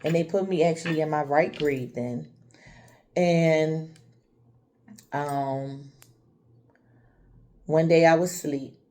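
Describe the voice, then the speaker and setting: A woman's voice: sits low, fairly even intonation, takes it slowly, pauses often, darkish tone. A woman from the Chester, Pennsylvania area telling her own life story candidly and speaking straight to her viewers. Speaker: vlogger. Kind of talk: personal storytelling vlog.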